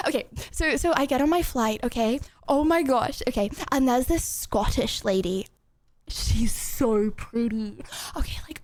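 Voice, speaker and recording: A young woman streaming in casual chat, rambling and chatty with lots of filler words. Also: sits high.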